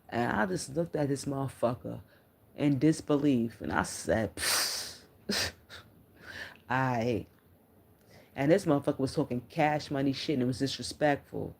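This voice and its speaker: Her voice is low and a little mellow as this middle-aged woman chats on her live stream. She's blunt and profane, telling candid stories and responding to viewers' comments.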